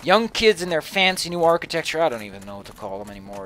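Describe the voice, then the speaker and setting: A man's voice: a little high, big pitch swings, fast, fairly bright tone, slight background noise. A man giving casual, profane, rambling commentary over a video game. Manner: rambling, profane, self-mocking. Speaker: gaming commentator.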